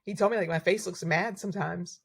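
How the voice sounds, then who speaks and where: A woman's voice: fairly low pitch, fairly even intonation, brisk, gravelly, noisy background. A woman, a battalion chief guest on a podcast, chatting casually with lots of "like" fillers. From North Carolina. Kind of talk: casual conversation.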